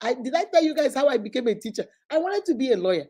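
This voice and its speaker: Animated woman, mellow tone. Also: high voice, fast. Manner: animated, acts out quoted voices, warm direct address. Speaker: host of a live question-and-answer show. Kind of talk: casual live chat with viewers.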